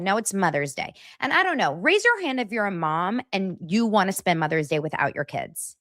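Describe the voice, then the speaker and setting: A woman hosting a podcast, recapping reality TV in a casual, gossipy way and slipping into high mimicking voices. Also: big pitch swings, a little fast, hardly any pauses, fairly bright tone, no echo, studio quality. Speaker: podcast host.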